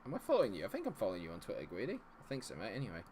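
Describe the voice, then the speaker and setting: This young streamer's lowish, slightly mellow voice swoops wildly in pitch as he talks very fast over slight background noise. Playing a football management game live, he chats with viewers and flips between cheering goals and fretting over results.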